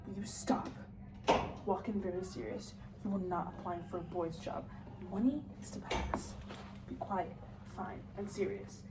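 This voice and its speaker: A woman's voice: medium pitch, fairly even intonation, reverberant, far from the mic, very noisy, natural voice. A woman reading the part of an aging, blustering salesman father in an amateur play read-through, bossy and lecturing. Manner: bossy, lecturing, quick to snap.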